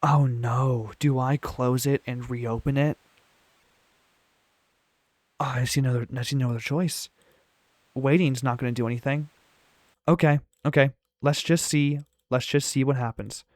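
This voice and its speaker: A man's voice: mid-range voice, fairly even intonation, a little slow, pauses often, a little mellow, dry recording. A man giving let's-play commentary on a puzzle game, talking to the game and repeating short phrases. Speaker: gaming YouTuber.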